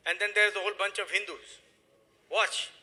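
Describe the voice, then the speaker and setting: Emphatic, bright-voiced man. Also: high-pitched, steady tone, brisk, rough recording. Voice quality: emphatic, preachy, swings between loud and hushed. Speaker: motivational speaker. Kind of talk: motivational business talk.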